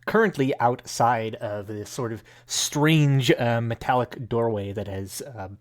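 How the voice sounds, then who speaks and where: A man acts as game master for a tabletop game. He describes scenes and explains rules at a mid pitch, pausing often on uhs and likes as he works out what to say. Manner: hesitant, with many uhs and likes.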